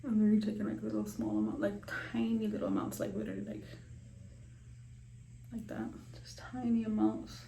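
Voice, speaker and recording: Young woman vlogger, casual and rambling, slightly breathless, mid-pitched, roomy bathroom sound. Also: very animated, brisk, mellow, a little hiss or hum. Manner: rambling, many ums and likes. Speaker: beauty vlogger. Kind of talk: casual skincare vlog. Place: small bathroom. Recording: echoey small bathroom.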